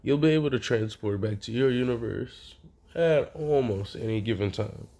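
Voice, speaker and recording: A man voicing a calm, powerful cosmic mentor who speaks in a reassuring way. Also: mid-range voice, moderate pace, creaky, pitched above the performer's own voice.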